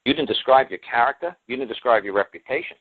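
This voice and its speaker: A man's voice: medium pitch, quick pace, no room sound. A man speaking as a talk show guest in a folksy, emphatic monologue, often acting out the voices of the people he quotes. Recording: tinny phone line, dry.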